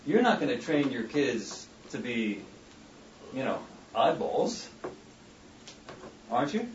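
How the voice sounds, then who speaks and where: A man's voice: medium pitch, sing-song, slow pace, echoey room. Male lecturer, chatty with rhetorical questions; far from the mic, dull sound, faint room hum. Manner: conversational, asks rhetorical questions. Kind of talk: classroom lecture. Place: classroom. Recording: dull distant classroom recording.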